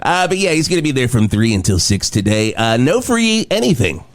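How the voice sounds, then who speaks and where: A man hosting a comedy podcast as a fake local radio DJ, with deadpan patter and frequent laughs. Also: mid-range voice, fairly quick, no room sound. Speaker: radio-parody host.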